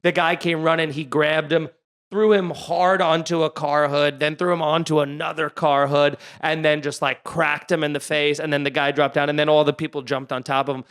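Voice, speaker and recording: Animated storytelling man, higher voice. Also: moderate pace, clean tone. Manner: animated storyteller, acts out quoted voices loudly. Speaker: comedian guest. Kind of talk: casual podcast storytelling.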